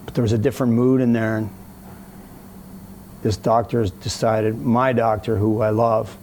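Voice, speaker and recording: A man telling a story in a casual interview, animated, acting out the other people's voices as he goes. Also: on the low side, normal speed, a little hiss or hum.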